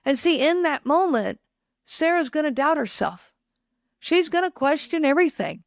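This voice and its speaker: A woman's voice: sits high, lively intonation, normal speed, creaky, no room sound, clean studio sound. A woman hosting a podcast, telling stories in an earnest, conversational monologue. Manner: earnest, acts out quoted lines in passing. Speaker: podcast host.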